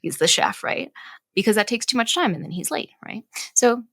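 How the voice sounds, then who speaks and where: A woman in her thirties, a mother and podcast co-host, talks through parenting ideas in a casual chat, earnest and conversational, often checking in with "right?". Her voice is slightly high with lively intonation, her pace moderate, and there's no room sound.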